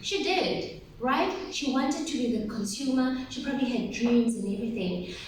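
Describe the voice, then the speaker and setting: A high-pitched woman gives a lively motivational talk to a group of teens, firing questions at them and pushing them to answer. She is picked up from across a very echoey room, with faint noise underneath. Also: moderate pace, far from the mic. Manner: animated, asks the audience questions and calls for replies. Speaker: workshop speaker for teen girls.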